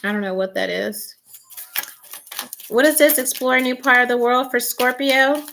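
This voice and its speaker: A woman's voice: high voice, fairly even intonation, moderate pace, creaky, pushed and bright, a little hiss or hum. A woman doing a casual tarot reading, rambling with many fillers and restarts, blunt and teasing. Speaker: tarot reader.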